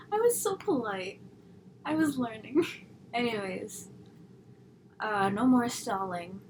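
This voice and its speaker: A woman's voice: a little high, a little hiss or hum, rough recording. A woman in her twenties vlogging alone, chatty and self-deprecating, often giggling and dropping into whispers. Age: 20s. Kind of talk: casual solo vlog.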